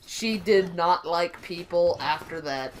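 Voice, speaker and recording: A young woman co-hosting a gaming stream, telling rambling, animated stories with lots of laughter. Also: lowish voice, takes it slowly, poor audio. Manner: rambling, animated storyteller who laughs often. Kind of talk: casual chat over gameplay.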